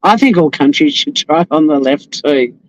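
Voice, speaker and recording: A woman's voice: low-pitched, lively intonation, normal speed, muffled recording. An Australian woman vlogging as she drives. She chats in a rambling, casual way and laughs often. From Tasmania, Australia. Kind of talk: casual chat while driving. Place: inside a moving car. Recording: car road noise.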